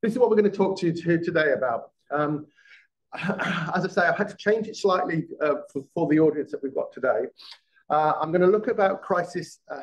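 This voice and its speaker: A man's voice: on the high side, rough recording. A middle-aged man, a former police detective, giving a live classroom lecture, often restarting words and checking in with the class. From England.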